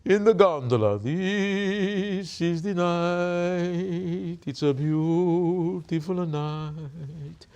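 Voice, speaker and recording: A man putting on a slow crooning gondola serenader. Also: high-pitched, a little mellow, clear, resonant tone, voice pushed up, full character voice. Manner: slow, drawn-out sing-song.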